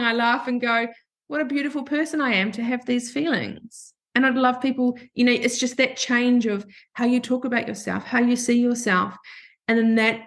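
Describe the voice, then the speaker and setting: A woman's voice: on the high side, a bit bright. A woman hosting a podcast, telling a candid personal story in a chatty, emotional way and acting out what people said. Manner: chatty and emotional, acts out quoted voices. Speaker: podcast host.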